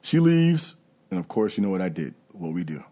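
A man's voice: deep voice, sing-song, moderate pace, mellow. A man giving a candid, conversational personal recovery testimony. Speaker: recovery speaker.

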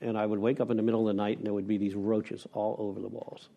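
A man's voice: lowish voice, flat delivery, fast talker, vocal fry, dark tone. A middle-aged man from Pennsylvania giving a candid personal share at a recovery meeting, frank and wry, rambling with restarts and self-deprecating laughs.

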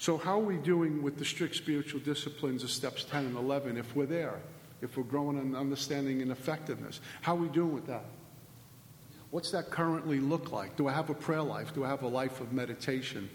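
A man's voice: medium pitch, a little fast, a little hiss or hum. A middle-aged man giving an impassioned recovery talk, emphatic and preachy, driving points home with repeated phrases and rhetorical questions. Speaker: speaker at a recovery meeting. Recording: echoey hall with long reverb.

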